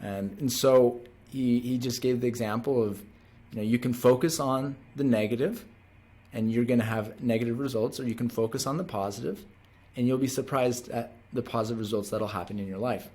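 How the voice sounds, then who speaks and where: Man in his thirties, earnest casual storyteller, mid-pitched, prone to restarts. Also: fairly even intonation, brisk, darkish tone, husky. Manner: earnest, rambling with frequent restarts. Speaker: door-to-door salesman.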